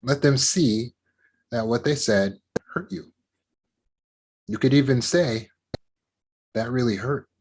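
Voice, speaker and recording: A man's voice: medium pitch, animated, takes it slowly, pauses often, darkish tone. Man explaining trauma recovery earnestly. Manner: earnest, explanatory, with acted-out quotes. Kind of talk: educational talk to camera.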